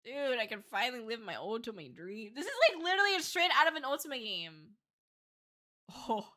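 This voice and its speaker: A woman's voice: fairly high pitch, big pitch swings, normal speed, sharp tone. A young woman streaming as a VTuber, chatting casually, gushing and giggling over artwork with frequent squeals. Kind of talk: casual livestream chat.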